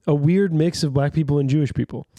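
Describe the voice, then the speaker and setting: A man's voice: fairly high pitch, fast talker, dark tone, dry recording. A young man co-hosting a comedy podcast, making dry, teasing wisecracks in casual chat. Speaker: podcast co-host.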